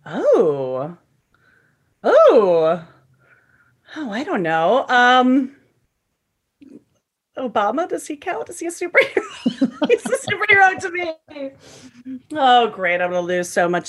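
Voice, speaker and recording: A woman's voice: a little high, sing-song, unhurried, long pauses. A woman guest on an interview, chatting casually and playfully, laughing often. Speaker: guest, Broadway performer.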